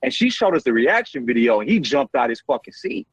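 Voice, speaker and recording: A man's voice: medium pitch, big pitch swings, brisk, breathy edge, no room sound, lo-fi sound. A man guest on a talk show, telling stories in a loose, profane, filler-heavy casual way. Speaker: podcast guest. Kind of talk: casual chat.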